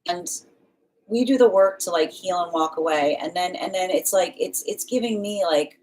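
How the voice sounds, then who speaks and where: A woman with a somewhat low voice hosts a live tarot stream. She talks casually and affectionately, thanking viewers and reading out their comments. When she turns to the cards, she rambles and pads her talk with fillers. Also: animated, moderate pace, low-quality recording. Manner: chatty, warm-hearted, reads comments aloud. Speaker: tarot reader.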